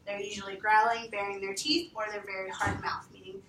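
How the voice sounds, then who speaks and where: A woman teaching volunteers about dog behavior, animated and lively, acting out what dogs think. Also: mid-range voice, brisk, a little hiss or hum. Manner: animated, acts out dogs' thoughts in quotes. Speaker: veterinary behavior instructor. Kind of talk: training talk to volunteers. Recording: roomy, from far off, faint ambience.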